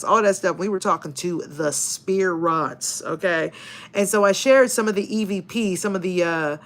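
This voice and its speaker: A woman's voice: lowish voice, a bit bright. A woman chatting casually on a livestream, reading viewer comments, laughing often and swearing playfully in slang. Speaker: YouTuber and paranormal investigator.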